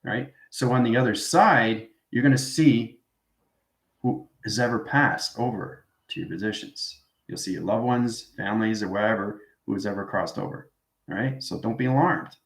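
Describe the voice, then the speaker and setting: A man with a fairly low voice gives a loose, rambling spiritual class and keeps checking in with "right?" and "okay?". The recording picks up a roomy echo around him. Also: moderate pace, fairly bright tone. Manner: rambling, tags statements with "right?". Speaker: spiritual teacher. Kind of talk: informal spiritual class talk. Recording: roomy echoey room.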